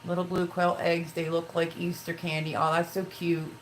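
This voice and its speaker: A woman's voice: on the low side, little pitch movement, moderate pace, slight background noise, rough recording. A middle-aged woman hosting a casual live stream, talking candidly and emotionally in a rambling way while reading viewer comments. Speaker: livestream host.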